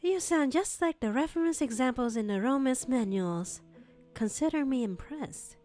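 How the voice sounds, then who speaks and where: A woman's voice: high-pitched, normal speed, soft background music, voice pushed up. A woman playing a formal young British-sounding heir. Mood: gracious. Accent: put-on British. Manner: courteous, formal, gently flattering. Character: polite formal wealthy young heir, man. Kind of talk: voice acting practice reading.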